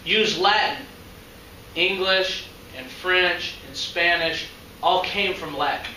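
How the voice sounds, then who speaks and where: A man's voice: high-pitched, slow pace, pushed and bright. A man giving a classroom lecture as a biology teacher, chatty and often asking the class questions. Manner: conversational, asks the class questions. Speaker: high school biology teacher. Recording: echoey classroom from far off, faint noise.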